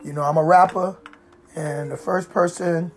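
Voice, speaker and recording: A woman with a low voice tells a personal story in a loose, reflective way. She circles back often, leaning on "you know" and restarting her sentences, while faint music plays behind her. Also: steady tone, moderate pace, a little mellow. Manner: rambling, with frequent "you know" fillers and restarts. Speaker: speaker sharing life story.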